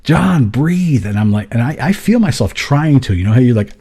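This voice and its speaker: A man's voice: medium pitch, sing-song, quick pace, mellow, slight background noise. A man co-hosting a podcast, telling a story in casual chat, swearing freely as he retells it. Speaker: podcast co-host.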